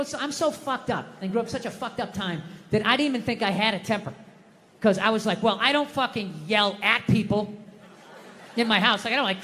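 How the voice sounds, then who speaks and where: A middle-aged man doing profane stand-up storytelling, ranting and bursting into shouts. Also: high voice. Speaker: stand-up comedian. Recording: live hall reverb, faint noise.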